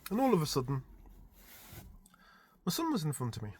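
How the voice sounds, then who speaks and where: A middle-aged man tells a story in a loose, meandering way, slightly higher-pitched than most men. He chuckles often as he talks and leans on filler words. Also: huge pitch swings, measured pace, a bit bright, husky. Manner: rambling, chuckles often, full of fillers like "like" and "type thing". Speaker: vlogger recounting his dreams. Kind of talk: casual storytelling monologue.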